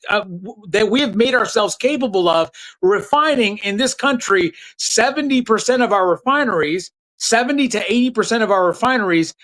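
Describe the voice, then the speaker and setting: A man's voice: high voice, a bit bright, poor audio. A man hosting a live political commentary stream, talking bluntly and with heat straight to his chat viewers, using loose slang and restarting his sentences. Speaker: political commentary livestream host.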